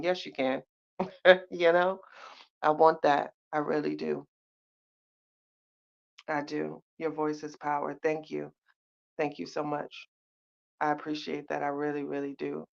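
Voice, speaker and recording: Gravelly, flat-voiced woman livestreamer. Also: sits low. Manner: heartfelt, preachy, repeats phrases, greets chat viewers. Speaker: livestream host. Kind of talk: motivational live-chat talk. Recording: dull lo-fi livestream audio.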